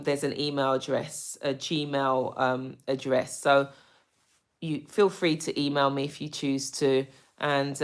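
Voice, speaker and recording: A woman from the UK hosting a casual live stream, greeting viewers with lots of ums and gushing when she gets excited. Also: sits low. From United Kingdom. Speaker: livestream host.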